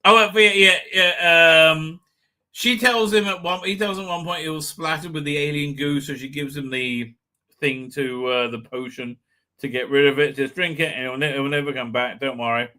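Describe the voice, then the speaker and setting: A man talks through a TV episode in a loose, digressive review, his voice sharp and bright and pitched a little high. He swears freely and keeps breaking into exasperated outbursts before dropping back to casual chat. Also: steady tone, normal speed. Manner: profane, digressive, exasperated rants with sudden shouts. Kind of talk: rambling off-the-cuff review monologue.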